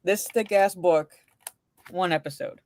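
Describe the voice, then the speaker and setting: A woman with a lowish, darkish voice speaks at a measured pace. As co-host of a casual livestream, she reads viewers' chat messages in a rambling manner with lots of fillers and restarts, while recovering from a migraine.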